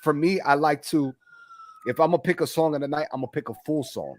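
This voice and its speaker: A man hosting a live music review show, talking casually with many restarts and laughs. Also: fairly high pitch. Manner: halting, restarts often, laughs between thoughts. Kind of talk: casual live reaction talk.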